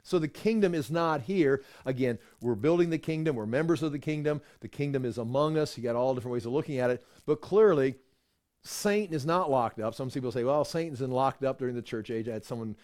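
A middle-aged man, a pastor teaching a Bible study in a loose, conversational way, repeating words and bursting into animated bits when he acts out pain. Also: medium pitch.

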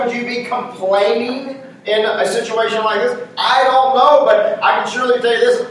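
A man's voice: high voice, fairly bright tone, slight background noise. A man preaching a sermon as pastor, repeating his points with emphasis and asking his listeners rhetorical questions. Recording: echoey church room, mic far off.

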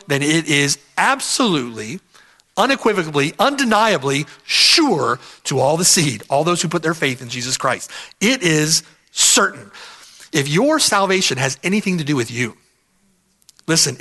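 Man, sermon, high pitch, animated delivery, repeats phrases, "right?" check-ins. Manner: emphatic, repeats key phrases, asks "right?". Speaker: preacher. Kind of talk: expository sermon.

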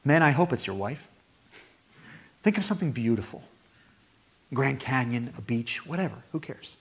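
Male pastor, sermon, lively swooping pitch, emphatic high peaks, middle-range voice. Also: normal speed, husky. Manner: animated preaching, rising to high emphatic peaks.

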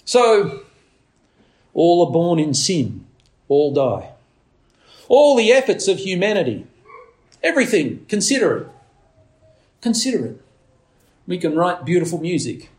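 A man with a high, light voice delivers an earnest sermon. He leans on his words with conviction and now and then breaks into a shrill imitation of a crying baby. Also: big pitch swings, a little slow, pauses often, a little mellow. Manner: earnest preaching, acts out a baby's demands in a shrill voice. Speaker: pastor.

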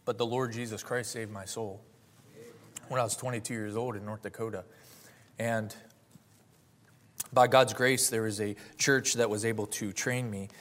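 A man's voice: lowish voice, fairly even intonation, moderate pace, pauses often, a bit bright. A man in his late twenties giving a personal testimony and sermon, earnest and heartfelt, rising to fervent emphasis. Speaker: preacher.

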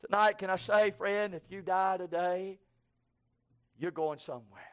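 A preacher delivers a sermon in a strikingly high voice for a man. He moves from low, hurried passages to shouted, fervent proclamation. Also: steady tone, clear, resonant tone.

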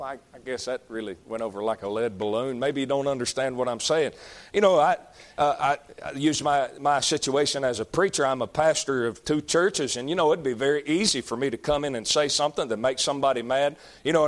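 Middle-aged male pastor, earnest sermon delivery with repeated phrases, mid pitch.

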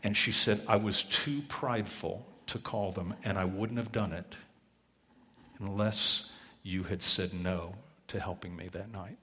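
A pastor telling a personal story in a sermon, acting out the dialogue in earnest. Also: male voice, low voice, steady tone, unhurried, pushed and bright, big-room sound, a little hiss or hum.

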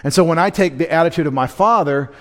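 A man's voice: on the high side, fast, a bit bright. A man preaching a midweek sermon as pastor, emphatic, asking rhetorical questions and quoting scripture.

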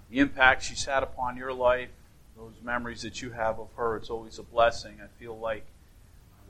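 A male pastor giving an earnest memorial sermon in a church sanctuary, speaking gently with frequent restarts. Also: lowish voice, slightly rough, low-quality recording.

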